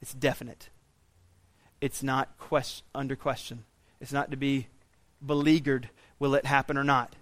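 A pastor preaching a sermon in a church, swinging from quiet intensity to loud, raised pleading. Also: male voice, medium pitch, flat delivery, a little slow, dry recording. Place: church sanctuary.

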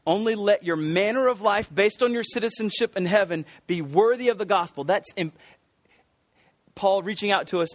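A man's voice: high-pitched, no room sound. A middle-aged American man preaching a sermon as pastor, earnest, stressing and repeating key words, with frequent ums and restarts. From United States.

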